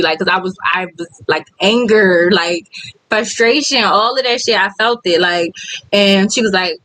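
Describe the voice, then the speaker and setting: A woman's voice: mid-range voice, fairly quick, pushed and bright, no echo, rough recording. A woman vlogger with kids, talking candidly on a casual livestream and reading viewer comments aloud. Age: adult with kids.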